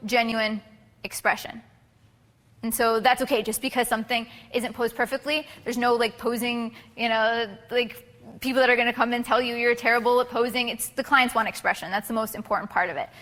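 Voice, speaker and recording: A woman's voice: fairly high pitch, pushed and bright. A woman giving a casual, chatty photography workshop talk to a live group, full of fillers and restarts. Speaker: photography instructor. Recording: reverberant hall recording.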